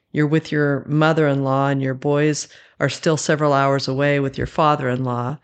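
A man hosting an interview, speaking in a gentle, sympathetic, measured way. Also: a little high. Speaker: podcast host.

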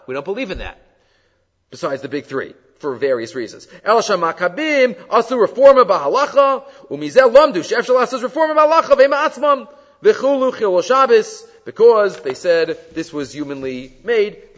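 A man giving a Torah class, teaching with animated delivery and weaving Hebrew and Aramaic quotes into English. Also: a little high, long reverb tail, muffled recording. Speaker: rabbi giving a weekly class.

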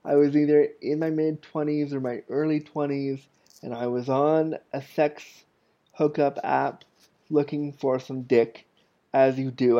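A podcast host in his thirties shares candid, self-deprecating stories in a loose, chatty monologue. His voice is fairly high in pitch, and the audio sounds dull.

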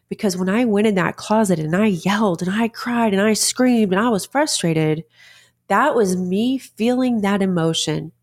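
A woman's voice: medium pitch, a little mellow. A middle-aged woman hosting a podcast, talking earnestly and conversationally with many fillers and restarts. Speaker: podcast host, author. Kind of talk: casual monologue.

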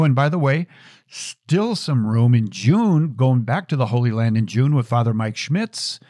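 A man's voice: medium pitch, mellow, no room sound. Earnest man host, dry close sound. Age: middle-aged. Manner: earnest, storytelling, frequent restarts. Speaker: show host. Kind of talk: reflective personal talk.

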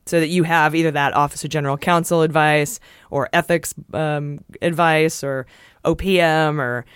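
A woman's voice: sits low, steady tone, moderate pace, smooth, dry recording, studio quality. A woman co-hosting a political podcast, talking casually in a blunt, profane, sarcastic way. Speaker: podcast co-host.

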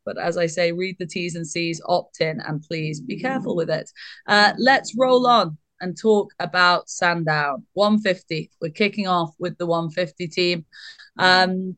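A woman hosting a podcast in a teasing, brisk, casual chat. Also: on the low side, a bit bright, dry recording. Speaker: podcast host.

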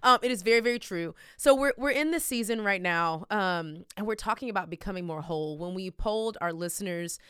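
A woman with a Texan accent hosting a faith podcast, talking in a loud, energetic and emotional way. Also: medium pitch, brisk, few pauses, smooth, no echo, studio quality. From Texas. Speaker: podcast host. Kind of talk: casual podcast chat.

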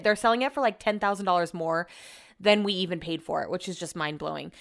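A woman's voice: on the low side, expressive, brisk, creaky, fairly bright tone. A young woman venting casually in a vlog, exasperated and ranting, swearing freely. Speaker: vlogger.

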